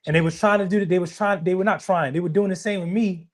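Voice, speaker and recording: A man's voice: high-pitched, fairly even intonation, fast talker. A young man, co-hosting a podcast in casual, emphatic conversation and often repeating himself. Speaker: podcast co-host.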